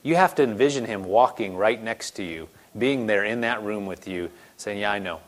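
A man's voice: on the low side, normal speed. A man preaching a sermon in an earnest, conversational way, acting out the voices he quotes. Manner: starts animated, later softens to a quiet gentle tone.

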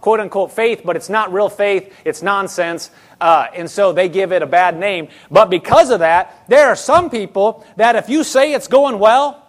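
Man, pastor, sermon, high voice, lively conversational preaching, quick restarts. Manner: acts out quoted people in his own voice.

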